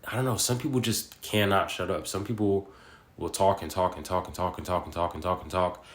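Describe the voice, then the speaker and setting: A man's voice: deep voice, steady tone, fairly quick, roomy sound. A young man in his twenties talking in a casual, rambling monologue, full of slang and fillers. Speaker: vlogger.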